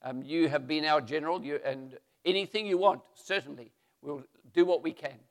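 A man voicing an obliging ancient king who flatters his general, in a retold Bible story. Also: on the high side, normal speed, lightly acted.

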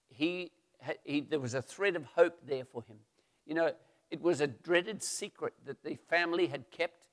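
A man retelling a Bible story as a preacher, lively and acting out the voices. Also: fairly high pitch, in a large hall.

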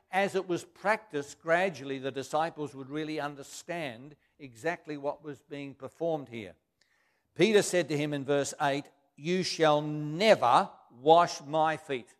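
A man preaching a sermon, reading scripture aloud and then explaining it in plain everyday words. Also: on the high side.

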